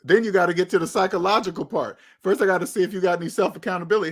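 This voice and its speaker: A man's voice: high-pitched, steady tone, racing. A man, hosting his own channel and giving blunt, emphatic advice in a candid monologue, often repeating phrases for stress. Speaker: channel host.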